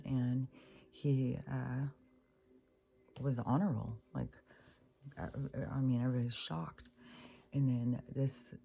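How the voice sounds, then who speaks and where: A middle-aged woman speaks in a rambling, exasperated monologue, swearing freely as she goes. Her voice sits very low, with a gravelly fry, a dark tone and a husky edge. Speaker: spiritual vlogger. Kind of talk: casual monologue.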